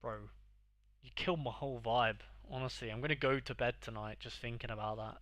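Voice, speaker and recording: A young man chats casually with his livestream audience. His voice is bright and forceful, the sound dry and close. He talks in mock-exasperated bursts, swearing freely as he bickers with viewers. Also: mid-range voice, fairly even intonation, a little fast, no echo. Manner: exasperated, sweary banter with chat. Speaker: livestream host.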